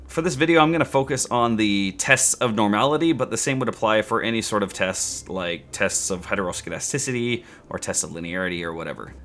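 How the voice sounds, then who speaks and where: A man teaching statistics in a playful, sarcastic, animated way. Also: medium pitch. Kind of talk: scripted educational video.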